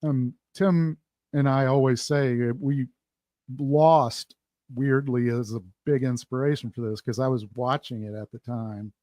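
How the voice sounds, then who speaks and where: A man's voice: mid-range voice, steady tone, measured pace, dark tone, no room sound. A man who is a guest on a casual chat show, talking in an easygoing way. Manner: easygoing, laughs often.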